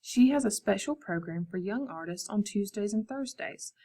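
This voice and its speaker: A woman voicing a kindly male schoolteacher who encourages a young pupil, in a gentle storybook reading. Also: mid-range voice, animated, normal speed. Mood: encouraging.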